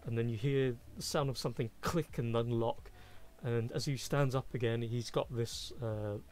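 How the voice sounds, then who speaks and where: A man's voice: medium pitch, moderate pace. Man narrating as game master. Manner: casual, relaxed narration with laughs.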